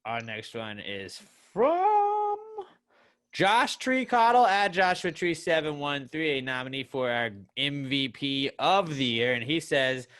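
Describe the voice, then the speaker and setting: A young man co-hosting a podcast, rambling in a relaxed way and swearing casually. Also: medium pitch, measured pace, hardly any pauses. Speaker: podcast co-host. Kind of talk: casual chat.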